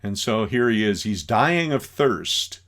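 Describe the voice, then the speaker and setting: Brief: male teacher lecturing, acts things out, unhurried delivery. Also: on the low side. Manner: animated, acts out scenes. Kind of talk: classroom lecture.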